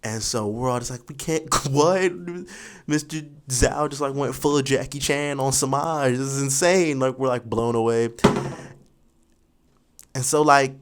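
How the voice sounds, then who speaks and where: A young man in his twenties telling a school story casually, animated and full of fillers like "you know". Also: mid-range voice, normal speed, clean tone. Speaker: vlogger.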